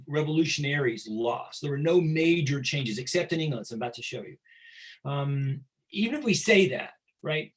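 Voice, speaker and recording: Conversational male history teacher, somewhat high. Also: poor audio. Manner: conversational, repeats words while thinking, asks rhetorical questions. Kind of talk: lecture.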